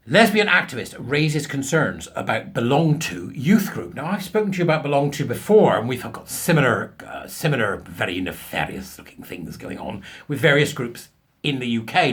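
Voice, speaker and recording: A man's voice: fairly high pitch, a bit bright. A man hosting a casual monologue, rambling, chatty and self-mocking. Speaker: host. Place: home office at a walking desk.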